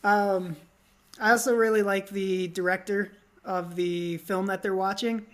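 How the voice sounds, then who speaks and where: A woman co-hosting a casual film podcast, giggly and quick to slip into silly movie-quote voices. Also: medium pitch, fairly even intonation. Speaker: podcast co-host.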